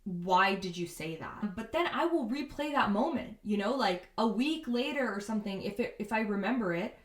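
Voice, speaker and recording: A woman's voice: a little high, lively intonation, a little fast, echoey room. A woman hosting a self-help talk, speaking casually and candidly with frequent fillers. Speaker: podcast host.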